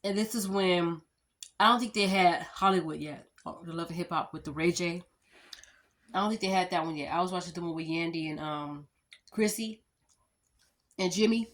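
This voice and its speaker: Rambling chatty woman vlogger, lowish voice. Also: moderate pace, pauses often. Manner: chatty, rambling, addresses viewers as y'all. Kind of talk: casual storytime chat.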